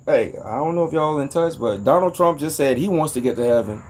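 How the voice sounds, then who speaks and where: A man in a casual, rambling monologue, animated and profane, jumping into sudden high outbursts. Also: moderate pace, slight background noise. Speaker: vlogger.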